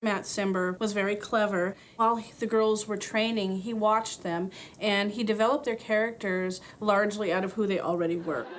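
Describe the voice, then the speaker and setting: A woman's voice: medium pitch, fairly even intonation, moderate pace, slight background noise, low-quality recording. A woman interviewed for a documentary, recalling the past in a reflective, amused way.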